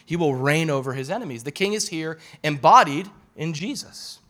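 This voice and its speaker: A man preaching a sermon as pastor, animated and casual, repeating phrases for emphasis. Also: fairly high pitch, normal speed.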